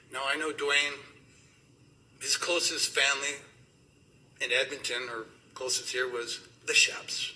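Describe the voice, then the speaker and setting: Bright-voiced man giving a eulogy. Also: mid-range voice, fairly even intonation, a little slow, pauses often, a little hiss or hum, low-quality recording. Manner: rambling and emotional, laughing through stories. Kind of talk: funeral eulogy. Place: funeral gathering indoors.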